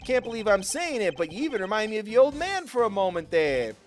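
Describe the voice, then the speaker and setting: A man doing a brash loudmouth attorney. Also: sits high, sing-song, fast talker, soft background music, voice pushed up. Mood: boisterous. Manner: boisterous and bragging. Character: brash older male defense attorney, loud showman.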